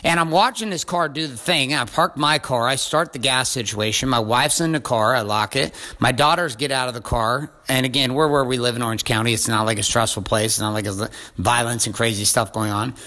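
A man hosting a podcast, telling a story in a lively, profane monologue. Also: mid-range voice, a little fast, few pauses. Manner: profane, animated retelling with acted quotes. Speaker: podcast host.

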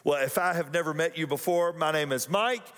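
A man's voice: on the high side, fairly quick, a bit bright, in a large hall. A male pastor giving a sermon in a church, conversational and joking, often putting questions to the congregation. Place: church auditorium.

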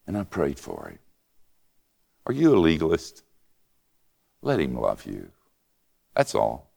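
An older man preaching a sermon and telling a story in an animated, conversational way. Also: extremely low pitch, vocal fry. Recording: reverberant hall.

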